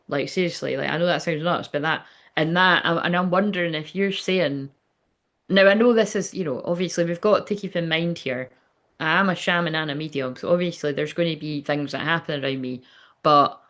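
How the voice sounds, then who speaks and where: A woman hosting a medium's live stream in a rambling, candid way, reading viewer comments aloud and swearing freely. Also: low voice. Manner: rambling, candid, swears freely, often asks "do you know what I mean".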